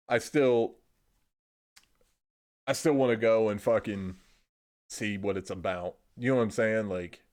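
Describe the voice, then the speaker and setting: A man's voice: on the low side, takes it slowly, long pauses, darkish tone. A young man from Indiana streaming casual rambling chat, laid-back, swearing freely and trailing off into "I don't know.". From Indiana, USA.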